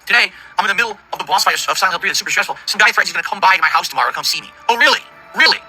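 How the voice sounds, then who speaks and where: Fast, furious ranting streamer man. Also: sits high, expressive, bright, forceful tone, husky, low-quality recording. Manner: profane, indignant, rapid-fire ranting. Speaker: livestreamer. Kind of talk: angry stream rant.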